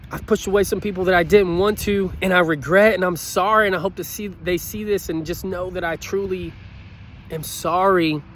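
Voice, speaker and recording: Slight background noise sits under this man's high voice. He's a motivational speaker, choked up and pleading, repeating himself in an earnest, heartfelt appeal.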